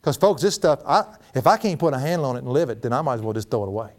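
A middle-aged pastor with a mid-range voice races through a sermon. His style is folksy and animated, and he laughs often.

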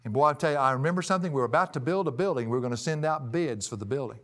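A man's voice: medium pitch, rapid-fire, fairly bright tone. A man preaching an expository sermon, emphatic and folksy, his voice rising and falling for emphasis. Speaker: pastor.

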